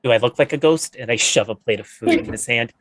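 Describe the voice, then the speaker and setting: A player voicing their character in a tabletop game, talking fast and matter-of-fact. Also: mid-range voice, no room sound.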